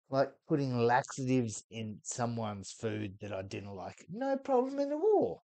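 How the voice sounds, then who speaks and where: A man's voice: mid-range voice, warm tone. An Australian man hosting a reaction video, chatting casually, laughing and swearing freely.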